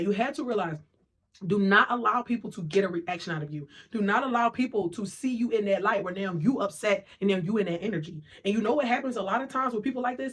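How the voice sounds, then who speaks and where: A rapid, emphatic motivational monologue. The speaker keeps checking in with the listener through short asides and slips into quick impressions of other people's voices. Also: mid-range voice, fairly bright tone, husky. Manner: emphatic, keeps asking "right?" and "okay?".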